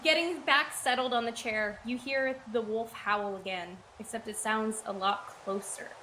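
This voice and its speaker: A woman's voice: on the high side, steady tone, normal speed, sharp tone. A young woman narrating as game master of a tabletop game, playful and giggly as she describes events. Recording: roomy echo, faint noise.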